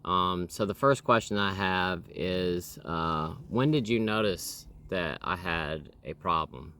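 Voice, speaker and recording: A man's voice: deep voice, takes it slowly, sharp tone, slight background noise. A man in his thirties hosting a casual home interview with his wife, rambling with lots of fillers and restarts.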